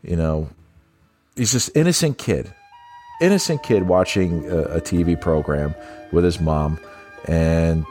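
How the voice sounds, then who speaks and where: A low-pitched man chatting casually about a favourite film, with faint synth music behind him. He laughs often and slips into playful bits of the film's dialogue, with a loose, rambling flow. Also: lively intonation, a little slow, long pauses, a little mellow. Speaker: podcast co-host. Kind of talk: casual film review chat.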